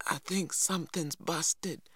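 Reader doing a frightened teenage boy, higher voice, stammering, pleading, dry sound. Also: unhurried, a bit bright, no echo, lightly acted. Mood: hurt, scared. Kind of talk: audiobook reading.

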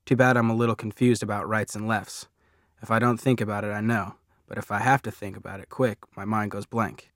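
A man reads a first-person audiobook in a low, fairly flat voice, steady and plain. The close studio mic leaves the sound completely dry. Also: a little fast, no room sound. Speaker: audiobook narrator.

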